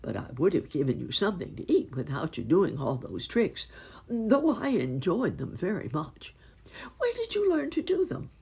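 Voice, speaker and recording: A woman voicing a kindly, curious old gentleman rabbit in a storybook, speaking gently and mildly with a husky voice. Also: fairly low pitch, huge pitch swings, moderate pace, pitched above the performer's own voice, exaggerated voice. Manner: gentle, mild questioning.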